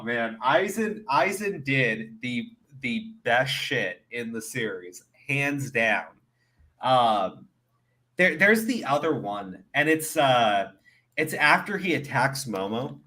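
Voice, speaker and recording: A young man on a livestream who talks in an excitable, profane way, jumping into animated retellings. His voice is bright and forceful, with a tense edge when he gets worked up. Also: mid-range voice. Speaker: streamer. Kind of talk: casual chat.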